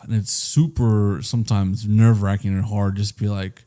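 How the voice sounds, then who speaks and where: A man with a low, mellow voice, co-hosting a casual podcast. He rambles, restarts his sentences often and swears casually along the way. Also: brisk, few pauses. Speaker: podcast co-host.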